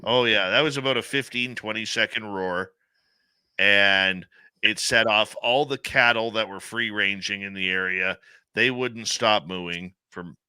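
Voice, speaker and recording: A man hosting a radio talk show, telling stories in a lively, chatty way. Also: on the low side, smooth, no room sound. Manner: animated storyteller, laughs easily. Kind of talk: casual radio talk, storytelling.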